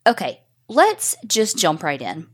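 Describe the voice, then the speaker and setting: A woman's voice: lowish voice, huge pitch swings, a little slow, slightly rough. A woman co-hosting a podcast, telling a true-crime story in a chatty, frank way with casual swearing. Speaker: podcast co-host.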